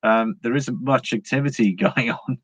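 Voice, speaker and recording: With a husky, mid-range voice at a moderate pace, this English livestream host chats casually about precious metals markets. He uses plenty of fillers and welcomes viewers by name while reading comments, in a dry, slightly dull home recording with no echo.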